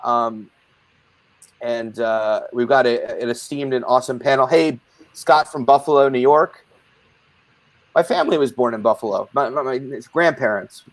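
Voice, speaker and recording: Playful male host, mid-pitched, dry close sound, rambles and jokes while moderating. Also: normal speed, no room sound. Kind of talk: casual live-stream support group hosting.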